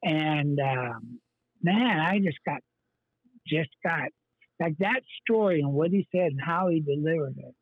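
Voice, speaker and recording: A man with a husky, slightly high voice tells his story in a rambling, earnest way, full of fillers and restarts. The sound is tinny like a phone line and very dry. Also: animated, a little slow, no echo. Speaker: pastor, guest. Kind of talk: telling his life story in an interview.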